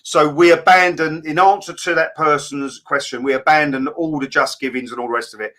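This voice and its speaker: A middle-aged man with a bright, forward tone talks as a guest in a relaxed interview. He speaks candidly and plainly, filling pauses with "uh" and "you know" and restarting his sentences. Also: fairly high pitch. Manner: candid, plain-spoken, with many fillers and restarts. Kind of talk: casual interview chat.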